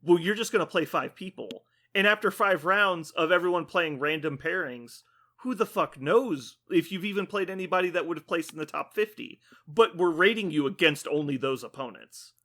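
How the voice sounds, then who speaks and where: Podcast co-host, male, animated profane rant, bright tone. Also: fairly high pitch, normal speed. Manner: animated, profane ranting with acted-out quotes. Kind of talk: casual podcast chat.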